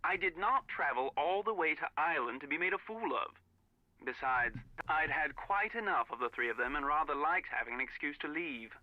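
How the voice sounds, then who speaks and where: A haughty caller on a dull phone line. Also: male voice, a little high, lively intonation, fairly quick. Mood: disdainful. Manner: stiff, precise, disdainful. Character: prim, haughty middle-aged man on phone. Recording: muffled phone call in game.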